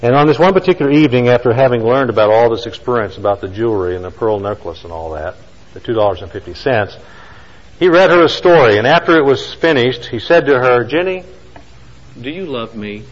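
A man preaching a sermon, telling a story with emphatic lines and slow, quiet stresses. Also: medium pitch, in a large hall, highs cut off. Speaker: pastor.

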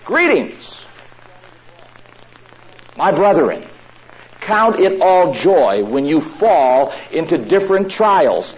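A man's voice: a little high, animated, unhurried. A man preaching a sermon, emphatic, who repeats his key lines for stress. The recording sounds dull and lo-fi, with faint noise behind him.

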